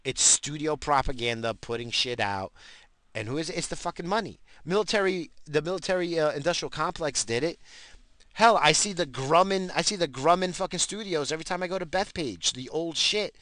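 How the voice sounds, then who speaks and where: A man rants in a heated, profane way, swearing and repeating himself. His voice is bright and forceful, and the recording is dry and close. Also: fairly high pitch, animated, fairly quick, no echo. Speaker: self-described stoner. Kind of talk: profane conspiracy rant.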